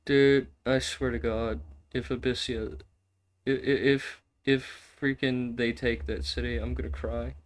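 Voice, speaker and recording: A man's voice: medium pitch, level tone, a little slow. A man giving casual, swearing commentary while playing a strategy game, repeating himself and laughing often. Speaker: gaming streamer.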